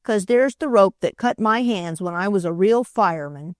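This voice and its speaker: A woman's voice: medium pitch, lively intonation, moderate pace, dry recording, clean studio sound, close to an everyday voice. A woman voicing an eager little boy who insists and stumbles over his words. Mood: earnest.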